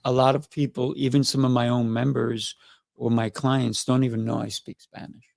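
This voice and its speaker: A man with a gravelly, fry-edged voice talks easily as the host of a relaxed conversation, slipping in stories and asides. The sound is close and dry, with almost no room around it. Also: medium pitch, moderate pace, no echo. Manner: chatty, storytelling with asides. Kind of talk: casual interview chat.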